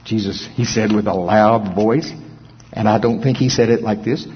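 A man preaching a sermon in a church service, animated, swinging from loud bursts to soft asides. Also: fairly low pitch, normal speed, breathy edge. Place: church hall. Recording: muffled sound in a long-echo hall.

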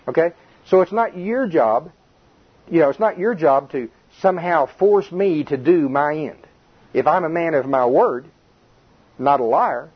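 A man's voice: mid-range voice, breathy edge, highs cut off. A man preaching an informal sermon, conversational and quizzing the congregation. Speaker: pastor.

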